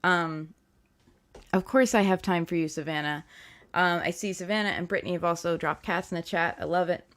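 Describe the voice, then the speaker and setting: Chatty, low-voiced woman tarot reader. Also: fairly quick, fairly bright tone. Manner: chatty, rambling, playful, with many fillers and restarts. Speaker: tarot reader hosting a livestream. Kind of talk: casual livestream chat and tarot reading.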